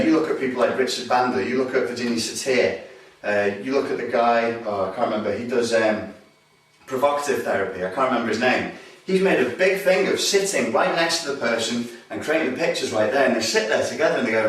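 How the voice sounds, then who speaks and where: Blunt instructor in an echoey room. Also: male voice, mid-range voice, a bit bright, far from the mic. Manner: blunt and profane, acts out bar and door scenes. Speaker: self-defence instructor. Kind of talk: instructional talk with acted examples.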